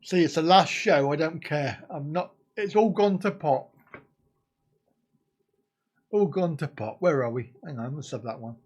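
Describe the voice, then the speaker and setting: A man's voice: a little high, measured pace, pauses often, a little mellow, husky. A man hosting a casual live stream, chatting and laughing as he answers viewer comments.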